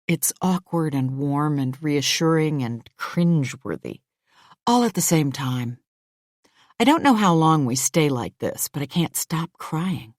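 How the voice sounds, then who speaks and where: A woman narrating a first-person thriller audiobook in an intimate, measured storytelling manner. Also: deep voice, expressive, no echo, studio quality.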